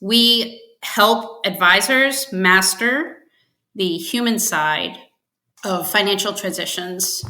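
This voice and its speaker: Woman podcast guest, lively storyteller, bright tone, slightly roomy sound. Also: medium pitch, takes it slowly. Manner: chatty storyteller, acts out quotes with laughs. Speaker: podcast guest, finance executive. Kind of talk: casual interview chat.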